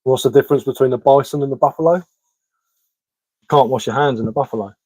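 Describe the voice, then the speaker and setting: Streamer, casual joke-teller, mid-pitched, dry close sound, chuckles at own gags. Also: male voice, fairly even intonation, fast talker, a little mellow, breathy edge, no room sound. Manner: chuckles at his own dad jokes. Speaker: bushcraft live-streamer. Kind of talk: casual live-stream chat telling jokes. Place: living room at home.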